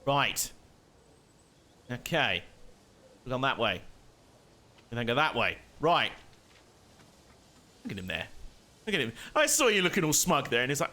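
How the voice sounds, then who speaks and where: A man's voice: medium pitch, big pitch swings, a little slow, pauses often, bright, forceful tone. A man giving casual, chatty live commentary while streaming a game, muttering to himself and laughing often.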